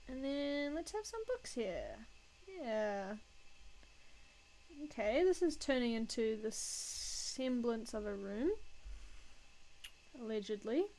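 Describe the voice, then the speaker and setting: A woman's voice: a little high, expressive, slow, pauses often, dark tone, a little hiss or hum, rough recording. A woman casually chatting and joking at her own expense while she draws on a live stream. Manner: self-mocking, joking, laughs often.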